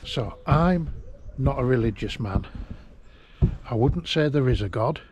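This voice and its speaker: Man, halting emotional storytelling, slow pace, faint outdoor noise. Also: medium pitch, expressive. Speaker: vlogger telling a personal memory. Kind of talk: casual storytelling.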